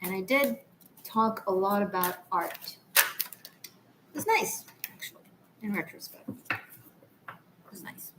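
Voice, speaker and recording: A woman's voice: medium pitch, a little slow, pauses often, fairly bright tone, a little hiss or hum, rough recording. Chatty woman tarot livestream host. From Israel. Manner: chatty, laughing, rambling asides. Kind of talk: casual livestream chat.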